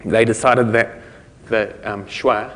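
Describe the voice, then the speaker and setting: A man's voice: lowish voice, steady tone, slow pace, fairly bright tone. New Zealand man talking in a reverberant hall. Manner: loose and conversational, self-correcting, chuckling. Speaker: conference speaker. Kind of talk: technical talk on speech recognition.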